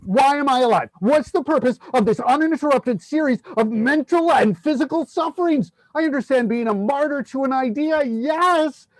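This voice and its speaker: A man's voice: very high-pitched, no echo, rough recording. A man playing a frantic, worn-out family clerk. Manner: exasperated ranting, breathless complaints. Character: frazzled overworked male clerk, family man, desperate. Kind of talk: play reading.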